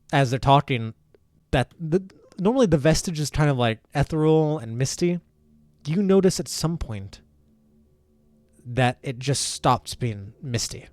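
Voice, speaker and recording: Dude running a tabletop game, kinda high voice, rambly, dry close sound. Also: male voice, a little mellow, dry recording. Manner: casual, rambling, many fillers. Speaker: game master.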